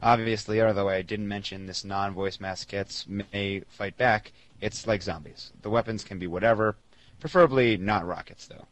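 A man's voice: on the low side, fairly even intonation, moderate pace, low-quality recording. Giggly young man on a podcast. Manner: giggly, rambling, laughs often. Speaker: podcast co-host. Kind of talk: casual podcast chat, reading listener mail.

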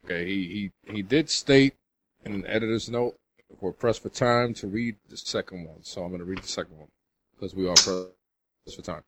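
A man co-hosting a gaming podcast, reading listener letters aloud in a casual, halting way with chuckles. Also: sits low, a little hiss or hum. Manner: reads haltingly with restarts and chuckles.

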